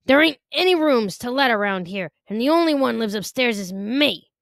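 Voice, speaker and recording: A woman's voice: fairly high pitch, animated, moderate pace, dry recording, studio quality. A woman voicing a scowling, bullying male bartender who barks and growls his lines. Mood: hostile. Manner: barking, growling.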